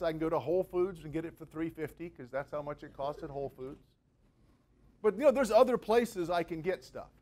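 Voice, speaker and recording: A man's voice: high voice, a little mellow. A man giving a university guest lecture in a conversational, jokey way, with everyday examples. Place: university venue with a live audience.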